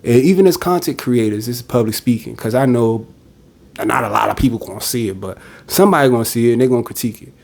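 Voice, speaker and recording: Talking fast in a gravelly, slightly mellow voice of medium pitch, the host vents on his podcast. He's blunt and direct in this casual monologue and acts out the voices he quotes.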